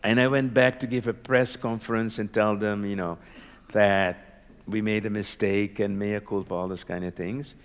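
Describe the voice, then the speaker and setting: A doctor from Curaçao telling a personal story in conversation, animated and laughing often, checking that his listener follows along. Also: fairly low pitch, normal speed, long reverb tail.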